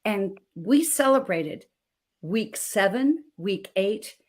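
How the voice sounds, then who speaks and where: A woman's voice: mid-range voice, lively intonation, slow pace. A woman in her thirties from Montana, a health coach telling her story as a guest with passion and emphatic repetition. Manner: passionate, emphatic, repeats phrases. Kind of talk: emotional personal story on a talk show.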